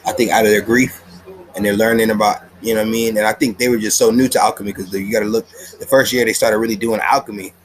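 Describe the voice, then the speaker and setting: A man with a low voice talks through an anime episode in loose street slang, rambling and laughing as he goes. He records at home while the TV plays, and faint noise sits under his voice. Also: low-quality recording. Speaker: anime reviewer. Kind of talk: casual episode review.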